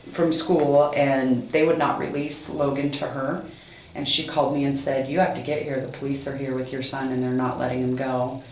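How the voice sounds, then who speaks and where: A woman being interviewed as a mother, giving a halting personal account with many pauses and fillers. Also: rumbling low, reverberant, a little hiss or hum, rough recording.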